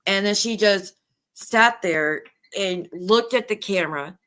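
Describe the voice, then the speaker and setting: Bright-voiced chatty woman. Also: mid-range voice, measured pace. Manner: rambling, animated retelling with many restarts. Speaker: livestream host. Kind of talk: casual gossip chat.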